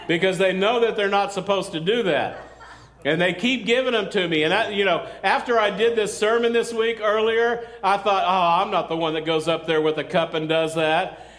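A man's voice: high-pitched, a bit bright. A male pastor preaching a sermon in a loose, conversational way, with joking asides and calls for amen.

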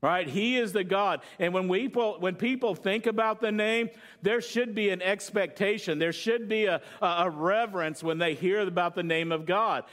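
A man's voice: high voice, normal speed, few pauses, a bit bright. A man preaching a sermon to a congregation in a loose, conversational way, joking and asking them questions. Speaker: pastor.

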